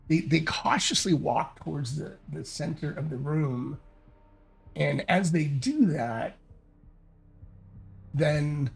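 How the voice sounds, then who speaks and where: A man running a solo tabletop game, narrating and thinking aloud in a halting, hesitant way. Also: a little high, gravelly, husky. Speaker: solo game master and player.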